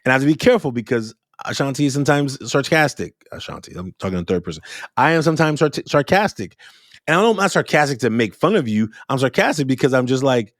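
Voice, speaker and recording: A man who runs youth workshops, talking through his experiences in a casual, animated monologue and acting out students' lines as he goes. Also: mid-range voice, fast talker, no room sound, studio quality. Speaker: youth speaker and workshop facilitator. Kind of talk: reflective podcast monologue.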